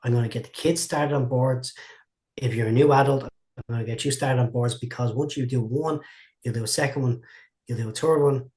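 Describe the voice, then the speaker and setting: Rambling martial arts teacher. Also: male voice, medium pitch, steady tone, a little fast, a little mellow. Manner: rambling, repeats himself, restarts. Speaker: martial arts instructor, guest. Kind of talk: casual storytelling interview.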